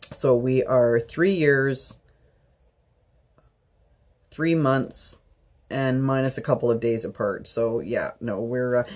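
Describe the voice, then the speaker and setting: Breathy woman in her fifties rambling. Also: a bass voice, a little mellow. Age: 50s. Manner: rambling, halting with many fillers. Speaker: vlogger. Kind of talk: personal storytelling.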